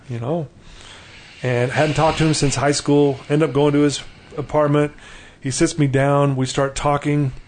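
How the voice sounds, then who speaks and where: A middle-aged man with a mid-range, slightly mellow voice tells his life story in casual conversation. He earnestly acts out the dialogue he quotes, adding laughing asides.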